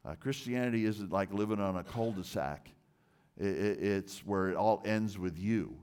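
A man delivers a church sermon in a fairly low voice. He preaches earnestly and emphatically, stressing and repeating key words and sometimes stumbling over the start of a phrase. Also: normal speed, a little mellow. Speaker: pastor.

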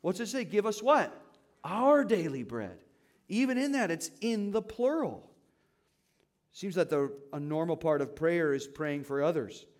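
A man's voice: on the high side, moderate pace, a little mellow. A man preaching a sermon in a church, talking to the congregation in a conversational way and asking them questions. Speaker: pastor.

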